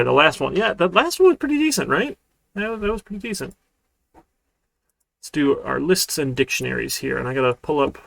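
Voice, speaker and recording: Gravelly-voiced man teaching coding live. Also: mid-range voice, a bit bright, dry recording. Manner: casual, talkative, keeps checking in with "right?". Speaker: university programming instructor. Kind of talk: live-streamed coding lecture.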